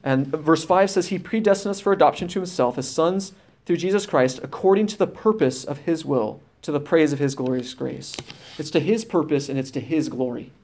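Male preacher, fairly high voice, firm emphatic sermon teaching with scripture readings. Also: fairly quick, darkish tone. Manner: reads scripture aloud with restarts and "uh" fillers.

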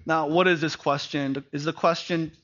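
A man preaching a sermon. He asks rhetorical questions, tags points with "right?", and swings from hushed tones to loud emphasis. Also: on the high side, steady tone, normal speed. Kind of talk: sermon on a Bible passage. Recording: dull lo-fi recording.

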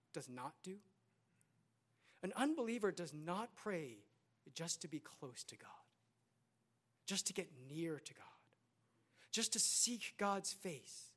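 A man's voice: high voice, fairly bright tone. Casting note: man in his thirties, earnest preacher, repeats lines and asks rhetorical questions. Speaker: pastor. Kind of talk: sermon.

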